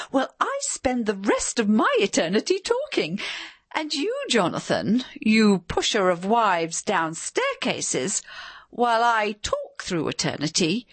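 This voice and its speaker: A woman voicing a wealthy ghost wife who scolds her husband in a shrill, piercing, high-pitched voice, triumphant and never pausing. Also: husky, no room sound, exaggerated voice. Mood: gloating. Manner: scolding, triumphant, nonstop chatter.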